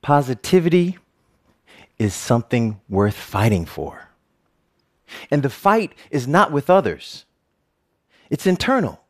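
Middle-aged male speaker, earnest storyteller with lively pitch and jokey asides. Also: slow, pauses often. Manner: animated, earnest, with joking asides. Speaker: speaker giving a talk. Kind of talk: personal storytelling talk.

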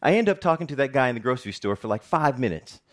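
Animated middle-aged man telling a story. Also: fast talker. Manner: animated, jokey storytelling with big pitch swings. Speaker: television reporter giving a talk. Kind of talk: personal storytelling talk.

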